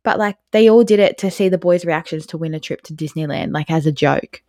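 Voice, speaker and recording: A woman's voice: low-pitched, a little fast, dark tone, no echo, clean studio sound. A young woman co-hosting a podcast in casual chat, blunt and laughing often. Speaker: podcast co-host.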